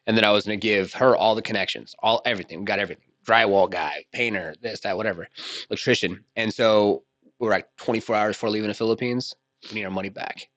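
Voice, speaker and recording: A man with a fairly low voice talks loosely on a podcast, piling up slang and swear words as his story rambles on. The sound is dry and close to the microphone. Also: fast talker, a bit bright, no echo. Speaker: podcast host. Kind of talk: casual podcast conversation.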